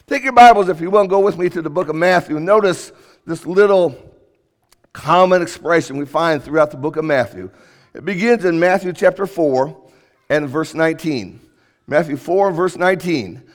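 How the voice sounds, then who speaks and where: A high-voiced man preaches a sermon in a church auditorium, his delivery emphatic as his voice rises and falls sharply. The recording carries the long reverb of the church hall.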